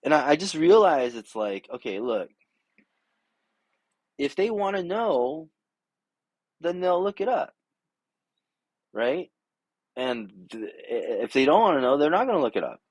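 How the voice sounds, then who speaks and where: A man's voice: on the high side, very animated, unhurried, long pauses, no echo. A middle-aged man telling a story in a casual, rambling way, exasperated, acting out both sides of an argument. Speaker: vlogger. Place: home garage workshop.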